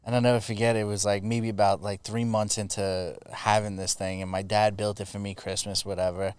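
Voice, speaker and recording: A man's voice: on the low side, level tone, brisk, darkish tone, smooth, dry recording. A man hosting a casual podcast chat, telling rambling childhood stories with swearing and laughter. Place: studio in Los Angeles.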